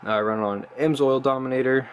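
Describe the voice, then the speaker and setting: A man's voice: mid-range voice, fairly even intonation, fairly quick, dull audio, a little hiss or hum. Rambling man showing off his gear. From Canada. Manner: loose and rambling, many ums and uhs, enthusiastic about his gear. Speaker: RC car hobbyist vlogger. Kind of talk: casual show-and-tell vlog.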